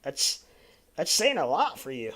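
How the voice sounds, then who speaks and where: A man's voice: medium pitch, wildly swooping pitch, a little slow, crowd noise. A man hosting a livestream in a loose, laughing casual chat, thanking viewers as he goes. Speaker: livestream host.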